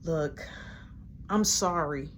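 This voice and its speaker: A woman doing a quiet, pleading young woman. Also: sits low, extremely slow, a little hiss or hum, pitched below the performer's own voice. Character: soft-spoken young woman, apologetic.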